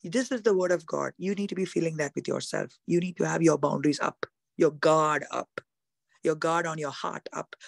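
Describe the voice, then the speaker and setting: A woman's voice: deep voice, moderate pace, vocal fry, dry recording. A woman preaching a sermon at a women's conference, emphatic and full of rhetorical questions. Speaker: conference speaker.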